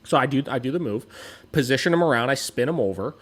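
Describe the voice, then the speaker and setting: A young man casually telling a story as a dog-training podcast host, animated and swearing often. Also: fast, breathy edge. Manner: animated, swears often, mimics people in high voices.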